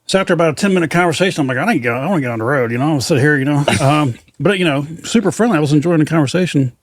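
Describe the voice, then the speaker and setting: Male podcast host, light Southern accent, folksy and animated, higher voice, dry studio sound. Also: racing, no echo. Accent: slight Southern US. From Kentucky. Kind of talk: casual podcast chat.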